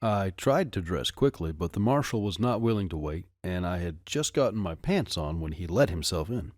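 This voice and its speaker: A man narrating a first-person adventure audiobook with expressive storytelling. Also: sits low, moderate pace, no room sound, clean studio sound.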